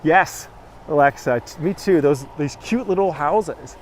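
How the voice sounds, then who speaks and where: A man's voice: fairly high pitch, unhurried, slight background noise. A man hosting a live walking tour outdoors, chatting and joking while answering viewer comments. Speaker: tour guide host. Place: outdoors on a village street with passing trucks.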